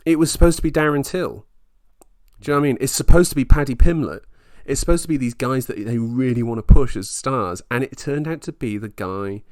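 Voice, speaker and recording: A young man co-hosting a casual sports podcast, rambling and excitable as he retells a fight. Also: medium pitch, a little fast, no room sound, studio quality. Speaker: podcast co-host.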